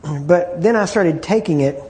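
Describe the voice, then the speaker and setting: A man teaching an informal Bible study, talking conversationally, repeating himself and often clearing his throat. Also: a little high, a little slow, darkish tone.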